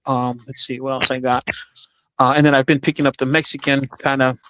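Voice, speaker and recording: A man's voice: medium pitch, flat delivery, fairly quick, pushed and bright. A man hosting a livestream, chatting casually and upbeat, reading viewer comments aloud with many fillers. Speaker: livestream host.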